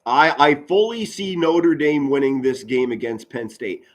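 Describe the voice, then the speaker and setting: A man doing live football play-by-play for his viewers, excitable, his voice jumping up on big plays and his words stumbling over each other. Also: medium pitch, measured pace. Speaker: amateur play-by-play commentator. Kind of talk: live play-by-play commentary with chat.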